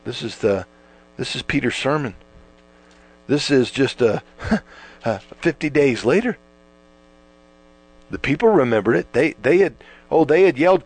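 A man preaching a sermon, emphatic, drawing out words for stress and swinging between loud and quiet. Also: medium pitch, very animated, normal speed, pauses often, slightly rough. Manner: emphatic, rising and falling with stretched words. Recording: mains hum behind.

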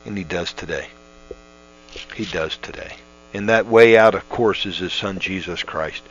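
Deep-voiced and measured, a middle-aged man delivers folksy, earnest Bible teaching over the radio, conversational and peppered with restarts. Mains hum runs through the dull, lo-fi radio recording.

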